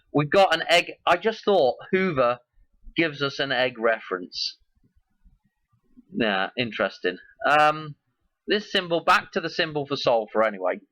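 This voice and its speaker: A man's voice: medium pitch, expressive, unhurried, pauses often, bright, forceful tone, dry recording, rough recording. A man hosting his own video, talking casually and in a rambling way as he links one idea to the next. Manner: musing, loosely connects ideas. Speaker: video host.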